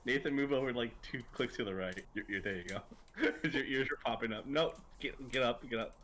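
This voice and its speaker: A young man in casual gaming voice chat, excitedly calling out directions to the other players and laughing often. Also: medium pitch, fairly quick, slight background noise. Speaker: game player.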